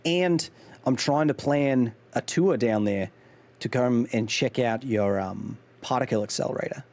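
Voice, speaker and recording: With a medium-pitched, darkish voice and an unhurried pace, a male game streamer chats casually with his live audience. He rambles, responds to chat, and is full of ums, restarts, and self-mocking jokes.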